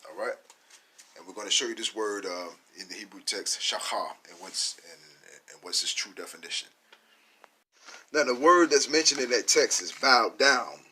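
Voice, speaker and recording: A man teaching from scripture, speaking, who punches key words loudly and asks and answers his own questions. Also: on the low side, moderate pace, a little hiss or hum. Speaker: Bible teacher.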